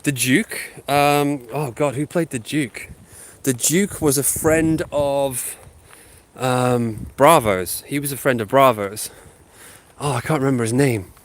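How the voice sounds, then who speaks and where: Walking his dog outdoors through a housing estate, this man chats live to his channel's viewers on a phone he holds, sniffling from a sinus infection and filling his talk with ums. He speaks slowly in a mid-range voice, with slight background noise.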